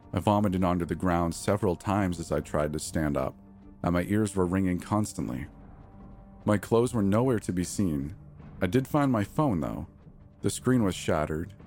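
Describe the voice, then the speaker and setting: A man narrating a first-person horror tale in a very deep, low voice. His telling is measured and tense, with faint music playing underneath. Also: a little mellow.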